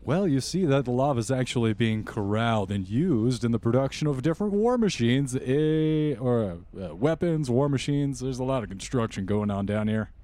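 A man's voice: medium pitch, animated, moderate pace, few pauses, dark tone. A man narrating as game master of a tabletop game, casual and full of fillers. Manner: casual, hesitant, many fillers.

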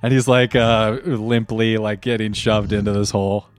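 A man narrating as game master of a tabletop game, relaxed and halting with fillers. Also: on the low side, clear, resonant tone.

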